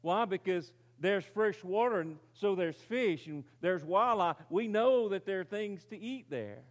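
Man preaching with dramatic hushes. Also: high-pitched, expressive, unhurried. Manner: dramatic storytelling, rises loud then drops very quiet; asks the audience rhetorical questions. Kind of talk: sermon illustration.

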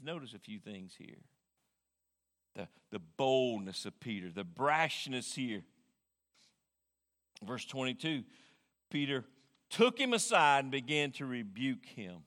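Male pastor, lively high sermon voice with a bright edge, long reverb from a big church hall. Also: unhurried. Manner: animated, repeats words while thinking.

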